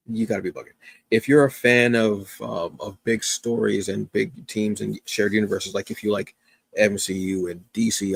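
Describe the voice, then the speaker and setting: A man's voice: fairly low pitch, gravelly, breathy edge, dry recording. A tired man hosting a comics review stream, talking casually and enthusiastically with lots of fillers and restarts. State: tired, up since early morning. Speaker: comics review show host. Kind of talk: casual solo livestream talk.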